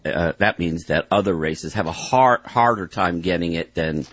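A man co-hosting a talk radio show, chiming in with quick remarks and finishing the host's sentences. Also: low voice, no echo. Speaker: radio co-host.

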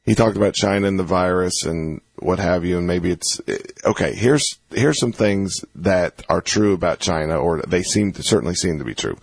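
A man's voice: low-pitched, normal speed, creaky, hardly any pauses, husky, dry recording. A man hosting a talk radio show, rambling casually and restarting his sentences as he chats with his co-host. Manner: rambling, repeats phone numbers and restarts.

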